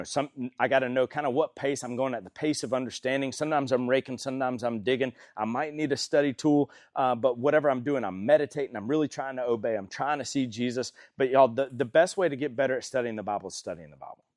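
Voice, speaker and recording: A man's voice: medium pitch, fast, few pauses, darkish tone, dry recording, clean studio sound. A man teaching a small Bible study group in a casual, folksy way, often asking the group questions.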